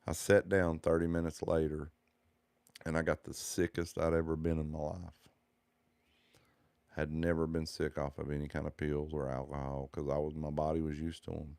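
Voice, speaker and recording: A man's voice: very deep voice, flat delivery, normal speed, gravelly, a little mellow, no room sound. A man, telling his personal testimony in an earnest, heartfelt, rambling way.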